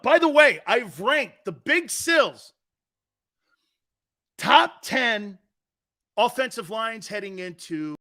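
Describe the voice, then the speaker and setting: A man's voice: high voice, bright, forceful tone. A man hosting a sports talk show, joking and rambling between laughs.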